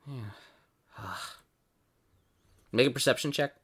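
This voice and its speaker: A man's voice: mid-range voice, slow, a bit bright. A man running a tabletop game as game master, narrating casually with plenty of fillers.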